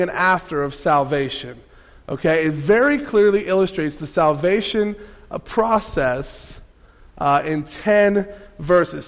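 A man preaching a sermon, telling a lively personal story with playful asides to the congregation. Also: high-pitched. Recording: long hall reverb.

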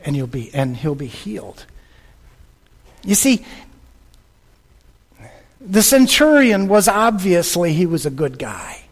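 A man preaching a sermon with passion, repeating phrases and swinging between loud bursts and hushed lines. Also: sits high, sing-song, slow pace, pauses often, long reverb tail. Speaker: pastor.

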